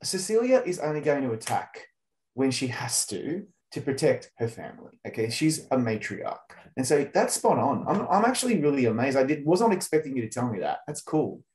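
A man's voice: medium pitch, sing-song, a little fast, a little mellow. An Australian man hosting a video-call interview, asking long, gushing questions. His voice sits in the middle range and bounces around an echoey room. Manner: enthusiastic, gushing, rambling questions. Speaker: interview host. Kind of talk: casual interview chat.

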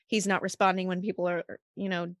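Her voice is lowish and a bit bright, with little pitch movement and a brisk pace. She's a mother guesting on a podcast, earnestly and casually sharing a personal story loaded with "like" and "you know" fillers, captured in echo-free studio quality.

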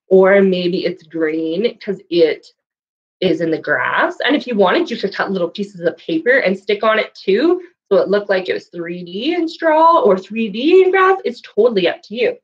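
A woman leading a children's story time and craft lesson, speaking in a sing-song, animated way and doing animal sounds for kids. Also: medium pitch, moderate pace, dull audio. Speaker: children's librarian.

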